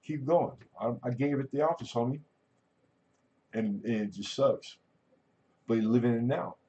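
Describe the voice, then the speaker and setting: A man's voice: mid-range voice, normal speed, dark tone, muffled recording, slight background noise. A middle-aged man hosting a livestream, talking candidly and casually, rambling and swearing freely. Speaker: livestream host.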